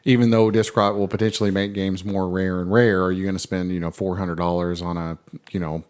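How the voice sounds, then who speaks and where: A man with a low voice co-hosts a casual podcast. He talks in an easygoing way, hedges his points, and leans on fillers. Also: flat delivery, a little fast, darkish tone. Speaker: podcast co-host. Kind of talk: casual chat.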